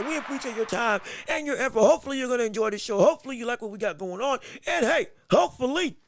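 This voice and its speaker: A man hosting a live boxing podcast stream, greeting chat viewers and talking in an energetic, excitable way with frequent restarts. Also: very high voice, fairly quick, background noise. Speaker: podcast host.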